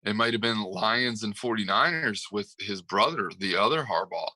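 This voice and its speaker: A man's voice: lowish voice, normal speed, pushed and bright, husky, no echo, low-quality recording. A man co-hosting a casual sports talk show, telling stories in a rambling way with lots of fillers and laughs. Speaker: sports podcast co-host.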